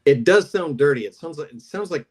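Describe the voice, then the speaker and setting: Lively-voiced man joking around. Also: fairly high pitch. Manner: playful, quick with jokes. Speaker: comics artist guest. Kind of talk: casual podcast chat.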